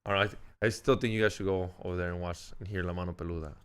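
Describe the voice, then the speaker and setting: A man's voice: low voice, steady tone, very fast, a bit bright, clear, resonant tone. A man co-hosting a podcast, joking in casual chat and dropping Spanish phrases. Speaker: podcast co-host.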